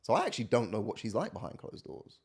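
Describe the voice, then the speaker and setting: A young man, a podcast guest, telling stories in a relaxed, slangy way in casual podcast chat. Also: lowish voice, fast, slightly rough. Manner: laid-back slangy storytelling, acts out relatives' voices.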